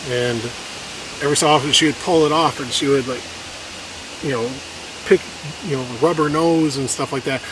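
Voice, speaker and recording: Male vlogger, emotional halting storytelling outdoors, noisy outdoor recording. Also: medium pitch. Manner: halting, many restarts, gets choked up. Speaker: vlogger telling a personal story. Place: outdoors on a hiking trail.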